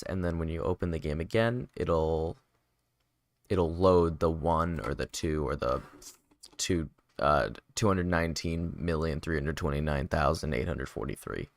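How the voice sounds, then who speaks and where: Low-voiced tired game-dev streamer man. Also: dry recording, studio quality. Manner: chatty, answers viewer questions while working. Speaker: game developer livestreaming. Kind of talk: casual livestream chat and coding explanation.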